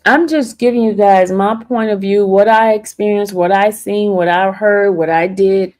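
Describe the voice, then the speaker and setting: A woman hosting a casual livestream gets defensive with her viewers, laughing often and saying y'all. Her voice is mid-range and a little mellow, steady in tone, at normal speed.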